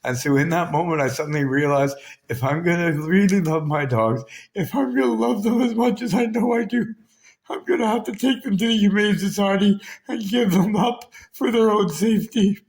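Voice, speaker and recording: A man's voice: high-pitched, moderate pace, a little mellow. A Canadian man tells his own story straight to the camera. His speech is raw and profane, and it carries heavy emotion. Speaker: vlogger. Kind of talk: personal storytelling.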